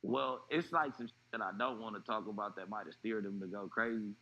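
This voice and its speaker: A man telling a personal story in an interview, animated and acting out what others said. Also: lowish voice, a little fast, gravelly, highs cut off. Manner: animated retelling, acting out quoted voices. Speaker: interview guest.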